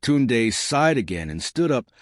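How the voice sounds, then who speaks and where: A man narrating an audio story in a calm, expressive way, recorded on a close mic. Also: mid-range voice, measured pace, no echo.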